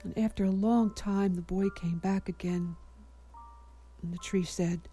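Gentle woman storybook narrator, slow and mellow, faint music behind. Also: medium pitch, steady tone. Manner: gentle, measured, sometimes whispering. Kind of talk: children's story reading.

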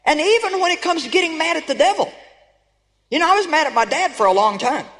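A woman preaches with emphatic, storytelling fervor, calling out to her congregation and now and then rising to a shout. Her voice rings with the long reverb of a large hall. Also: high-pitched, animated, fast talker. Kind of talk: sermon.

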